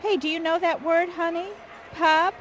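A woman's voice: very high-pitched, level tone, moderate pace, a bit bright, low-quality recording. A young woman with an American accent acting a firm, lecturing newlywed wife in a scripted learner dialogue. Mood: bossy. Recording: background noise.

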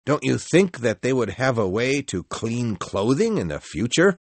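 A man's voice: mid-range voice, very animated, normal speed, husky, no room sound. A man reading the lines of a skeptical male newspaper editor who mocks and jokes, in a storybook. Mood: scoffing. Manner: scoffing and jokey.

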